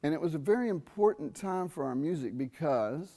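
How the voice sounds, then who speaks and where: A man's voice: on the high side, expressive, brisk, mellow. A middle-aged man giving a jazz trumpet masterclass in a conversational way, quizzing his listeners and singing out rhythms. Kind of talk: masterclass talk. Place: university theatre stage.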